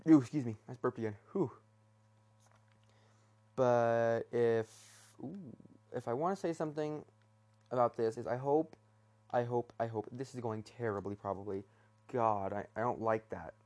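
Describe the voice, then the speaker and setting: A young man talks alone from his bed, feeling his way through a rambling monologue. He restarts his sentences, fills pauses with ums, and sounds self-conscious. His pitch sits in a middle range. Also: darkish tone. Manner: hesitant, many fillers and restarts, self-conscious. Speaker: podcast host. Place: bedroom.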